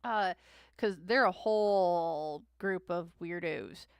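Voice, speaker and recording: A young adult woman runs a live tarot stream, rambling to viewers and often laughing and sighing between thoughts. Her voice is lowish, slow, clear and resonant, captured dry at studio quality.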